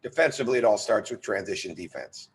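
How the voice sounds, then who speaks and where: A man's voice: lowish voice, fast talker. A middle-aged man, a head coach, answering press questions on a video call in an earnest, emphatic way, restarting phrases as he goes. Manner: earnest, emphatic, repeats words when restarting.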